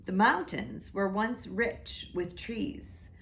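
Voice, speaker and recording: A woman reading a picture book aloud at church story time, gently pausing to point out the pictures. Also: mid-range voice, animated, a little hiss or hum.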